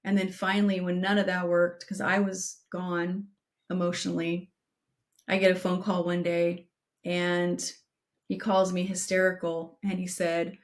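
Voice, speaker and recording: A woman's voice: lowish voice, flat delivery. A middle-aged woman co-hosting a podcast, giving direct advice and telling a painful personal story in an earnest way. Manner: earnest, direct, slows down for emphasis. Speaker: podcast co-host.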